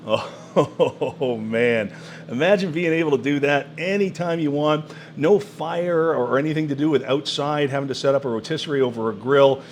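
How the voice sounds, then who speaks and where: A man's voice: a little high, normal speed, slight background noise. Man demoing a cooker with gusto. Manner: enthusiastic, exclaiming over food. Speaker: product demonstrator. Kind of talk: cooking product demo.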